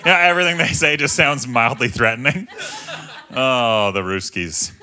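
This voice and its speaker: A man in his thirties doing a stand-up comedy set, chatting in a self-mocking way, tagging jokes with "right?" and leaping into loud voices for punchlines. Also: normal speed. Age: 30s. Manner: conversational, self-mocking, often tags lines with "right?"; jumps into loud high character voices for punchlines. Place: comedy club stage.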